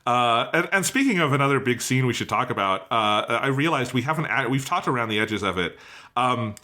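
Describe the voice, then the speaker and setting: A man's voice: medium pitch, expressive, a little fast, sharp tone. A man co-hosting a podcast, talking about a story with enthusiasm and casual swearing, often laughing. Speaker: podcast co-host. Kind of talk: casual review chat.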